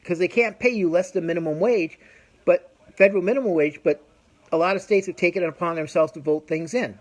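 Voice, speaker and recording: A man's voice: sits high, fairly quick. A middle-aged man hosting a podcast, ranting bluntly and profanely in a rambling, casual way with frequent restarts. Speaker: podcast host. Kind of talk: casual opinion rant.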